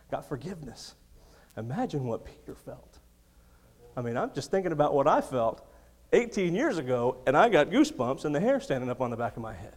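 A man in his thirties preaching a sermon in a storytelling way, laughing often and swinging between quiet, close moments and loud ones. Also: a little high, sing-song, fairly quick. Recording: long hall reverb.

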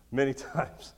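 A man in his thirties delivers a sermon as a story, laughing often and moving between quiet, intimate moments and loud ones. The recording carries a long hall reverb.

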